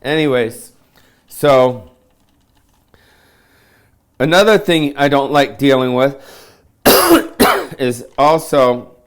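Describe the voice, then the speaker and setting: A man's voice: mid-range voice, slow pace, long pauses. A man doing a self-pitying comedic rant to camera, swearing constantly in slangy surfer-dude talk. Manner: profane, self-pitying, ranting.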